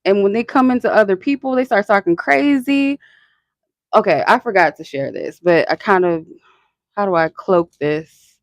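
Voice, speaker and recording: This channel host has a mid-range voice at a moderate pace, chatting casually in a rambling, profane way with frequent "like" fillers and laughter. The recording has no echo.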